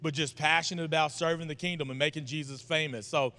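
Guy in his 30s preaching at church, bright smooth voice, long hall echo. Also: fairly high pitch, fast. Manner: folksy, joking, animated storytelling. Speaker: guest preacher. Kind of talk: informal sermon introduction. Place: church sanctuary.

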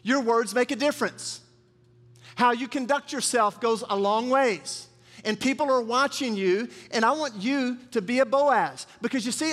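A pastor with an extremely high-pitched, slightly bright voice preaches to his congregation, prompting them to call back. The sermon is recorded in a church hall full of reverb.

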